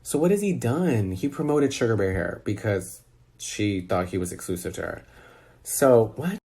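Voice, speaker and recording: A man reacts over a phone call in a sassy, incredulous tone. His voice is husky and swoops all over. The talk stays loose and animated. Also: fairly low pitch, moderate pace. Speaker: commentator reacting to a video. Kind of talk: casual reaction chat.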